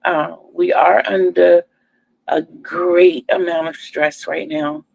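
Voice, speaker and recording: Older woman in her sixties, crochet host, unhurried gravelly chat. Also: lowish voice, big pitch swings, darkish tone, dry recording, dull audio. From Virginia, USA. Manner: chatty, homey, speaks to viewers as "y'all". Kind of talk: casual livestream chat.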